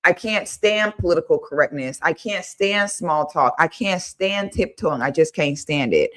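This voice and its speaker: Outspoken young woman host, low voice, casual livestream delivery. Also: animated, moderate pace. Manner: blunt and outspoken, thanks viewers warmly by name.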